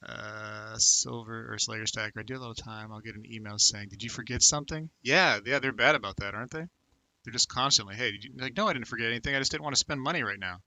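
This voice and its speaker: A man's voice: mid-range voice, fast talker, bright, forceful tone, no echo. A man in his thirties hosting a casual livestream, chatting loosely with viewers, reading their comments aloud and rambling with plenty of fillers. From United States. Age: 30s. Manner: rambling, filler-heavy, talks to viewers by name. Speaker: livestream host.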